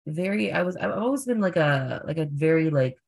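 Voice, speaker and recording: A young man, a drag performer, telling stories in a casual interview, full of fillers and animated quoted voices. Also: a little high, a little fast, gravelly.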